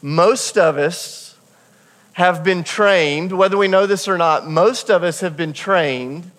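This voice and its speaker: A man's voice: sits high, slow, fairly bright tone, big-room sound. A man preaching a sermon as a pastor, telling a personal story in a candid, humorous way. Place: church sanctuary.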